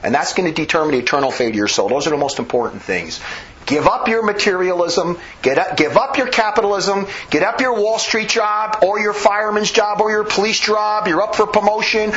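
A man's voice: sits high, fairly bright tone. A man preaching an impassioned sermon, emphatic and rambling, often restarting his sentences. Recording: dull lo-fi recording.

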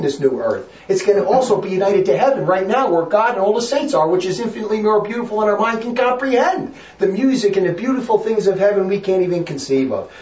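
A man's voice: high voice, darkish tone, reverberant, recorded from a distance, lo-fi sound. A man preaching a fiery, emphatic sermon, hammering his points with repetition.

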